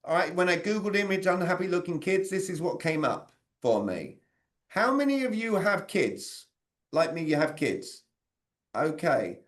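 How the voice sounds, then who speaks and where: Over a video call, a man with a fairly high, fairly bright voice runs an interactive sales communication training, keeping things conversational and pausing to question people by name. He's very animated and speaks at a moderate pace.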